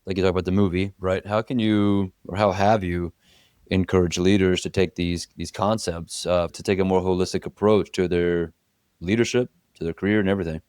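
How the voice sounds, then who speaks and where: A man's voice: deep voice, fairly even intonation, a little fast, a little mellow, clean tone, dry recording, studio quality. A man co-hosting a podcast, asking a guest questions with frequent restarts as he works them out. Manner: stumbling restarts while forming questions. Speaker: podcast host. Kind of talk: interviewing.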